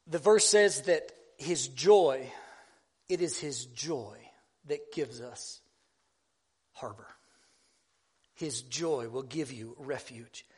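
A man's voice: medium pitch, takes it slowly, pauses often, husky. A man giving a sermon in a conversational, self-deprecating way, often restarting his sentences. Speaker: preacher.

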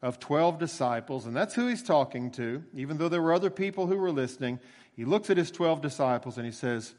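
A man preaching a sermon as a pastor, emphatic, with dramatic pauses and bursts of rising emphasis. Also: fairly high pitch, animated, a little mellow, long reverb tail.

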